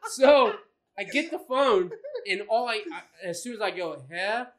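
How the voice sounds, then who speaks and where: At normal speed and in a high voice, this male podcast co-host swears his way through a lively story. He acts out the other people involved.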